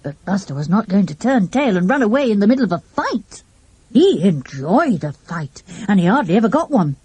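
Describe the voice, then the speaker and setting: A woman reading a children's mystery aloud in a lively, expressive storybook style. Her voice is mellow and slightly husky, and her pitch moves a great deal. The recording is close-miked and dry. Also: normal speed, no room sound. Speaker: audiobook narrator. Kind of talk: storybook narration.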